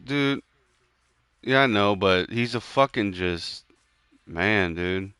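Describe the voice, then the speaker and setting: A man's voice: on the low side, takes it slowly, clean tone, no echo. A young man streaming a game, chatting casually with friends, ranting with heavy swearing and lots of "bro" and "dude.". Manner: jumps to loud excited yelps in tense moments. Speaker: gamer streaming his play. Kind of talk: casual gaming chat with friends.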